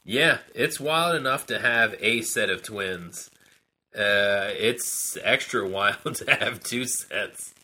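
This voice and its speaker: Dude talking real slow and easy, super bright voice, chuckles a lot. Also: male voice, lowish voice, poor audio. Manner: unhurried, chuckling, hedging with fillers. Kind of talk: casual chat.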